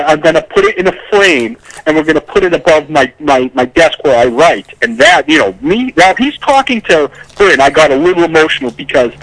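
A man's voice: fairly high pitch, fairly bright tone, dry recording, rough recording. A man chatting casually on a podcast, rambling and repeating himself as he gets emotional. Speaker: podcast co-host, agent. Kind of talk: casual chat.

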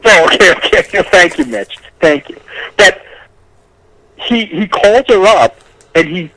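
Excitable high-voiced man rambling. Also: slow, no room sound, poor audio. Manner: rambling, repeats words, gets emotional. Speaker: podcast co-host, agent. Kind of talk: casual chat.

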